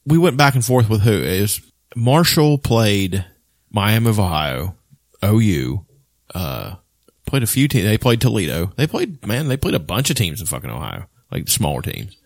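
A man co-hosting a podcast in casual chat, animated and swearing a lot. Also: lowish voice, moderate pace, no room sound, studio quality. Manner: animated, profane, rambling. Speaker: podcast co-host.

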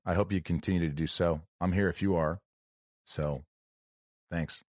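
A man's voice: deep voice, fairly even intonation, normal speed, a little mellow, dry recording, studio quality, faint music behind. A man hosting his own podcast alone, chatting in a rambling, jokey way. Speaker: podcast host. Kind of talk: casual solo podcast chat.

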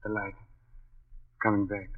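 A man's voice: on the low side, monotone, unhurried, close to an everyday voice. A man playing a husband watching a ghostly murder in a 1930s radio drama. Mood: awestruck. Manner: hushed, awestruck, urgent. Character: shaken husband witnessing a ghostly scene. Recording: dull, faintly hissy old radio recording.

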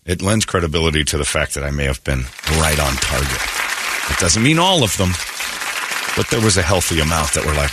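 A man's voice: rumbling low, lively intonation, brisk, a loud crowd, very noisy. A man hosting a radio morning show, ranting sarcastically in a talk radio monologue.

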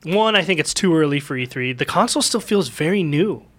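Bright-voiced man thinking out loud. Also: on the high side, lively intonation, brisk. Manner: reasoning aloud, many "like" fillers. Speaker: podcast co-host. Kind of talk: casual panel chat.

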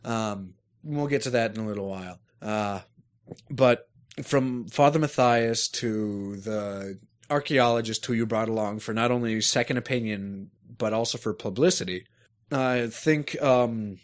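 A man's voice: on the low side, measured pace. A man in casual chat, describing a game at length and searching for words. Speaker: podcast co-host reviewing a game.

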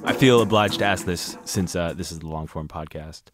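A man's voice: deep voice, fairly quick, over loud music. A man hosting a podcast, reading a sponsor spot with upbeat emphasis and then questioning his guest. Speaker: podcast host. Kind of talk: podcast ad read and interview.

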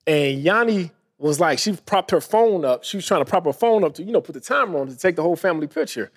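Animated storytelling man, high voice. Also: quick pace. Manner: animated storyteller, laughs often. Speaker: podcast co-host. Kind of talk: casual storytelling chat.

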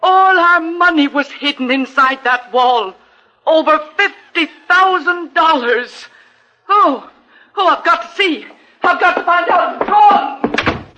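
A stern older sister. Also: female voice, medium pitch, animated, takes it slowly, pushed and bright, slight background noise. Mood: frantic. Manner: firm and scolding, then frantic over money. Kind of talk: 1950s radio drama acting.

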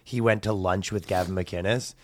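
A man's voice: low voice, steady tone, moderate pace, dry recording, studio quality. A man co-hosting a comedy podcast, riffing casually, laughing and reading quotes aloud from an article. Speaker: podcast co-host.

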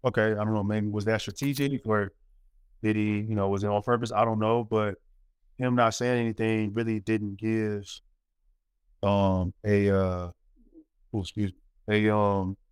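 A man's voice: lowish voice, normal speed, long pauses, clear, resonant tone, dry recording. A man in his forties, a former college basketball player, telling stories in a casual interview with lots of fillers and acted-out quotes. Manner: animated storyteller, many fillers, acts out quotes.

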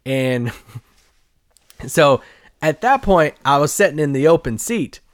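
A man's voice: fairly high pitch, expressive, takes it slowly, no room sound, clean studio sound. A man hosting a podcast, a sports reporter telling a story in a loose, rambling way and laughing often as he goes. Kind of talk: casual anecdotal storytelling.

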